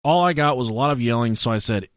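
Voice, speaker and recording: A young man co-hosting a podcast, telling stories in a casual, animated way, swearing often and shouting when acting out scenes. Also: mid-range voice, quick pace, no room sound, clean studio sound. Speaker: podcast co-host.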